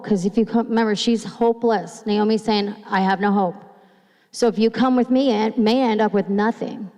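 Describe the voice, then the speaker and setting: A woman pastor giving a sermon in a church, reading scripture slowly and retelling it, sounding nervous and restarting phrases. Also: fairly high pitch, darkish tone. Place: church sanctuary. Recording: long hall reverb.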